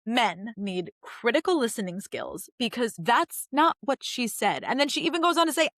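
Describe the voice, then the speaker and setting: Chatting animatedly about a TV show, this young female podcast host swears casually and belts out quotes from the characters in a raised voice. She speaks at a normal speed with few pauses, her voice a little high. The sound is studio quality, with no room sound.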